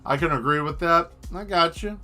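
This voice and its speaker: Bright-voiced man rambling jokingly on a livestream. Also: on the high side, normal speed, faint music behind. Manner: rambling, joking, answers the chat. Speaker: livestream host and painter. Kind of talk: casual livestream chat with viewers.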